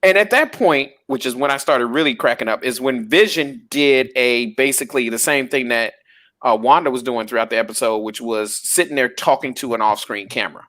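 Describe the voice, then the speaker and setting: A man hosting a casual chat about a TV episode, retelling scenes in an animated, exasperated way and laughing along. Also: mid-range voice, fairly quick. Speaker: podcast host.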